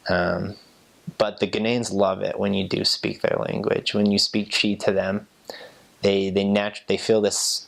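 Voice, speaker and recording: A young American man, a former missionary, telling stories in a relaxed, rambling way. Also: low voice, creaky. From United States. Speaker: returned missionary. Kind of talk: casual storytelling.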